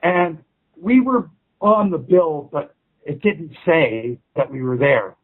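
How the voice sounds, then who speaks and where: Musician guy rambling with restarts and swears, slightly high voice, phone line quality. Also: slow pace. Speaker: musician guest. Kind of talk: casual interview chat.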